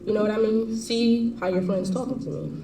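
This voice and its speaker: Young woman vlogger, storytime monologue, mellow tone, echoey room, mic set back. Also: fairly high pitch, fairly even intonation, far from the mic, slight background noise. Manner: heated, fast slangy retelling.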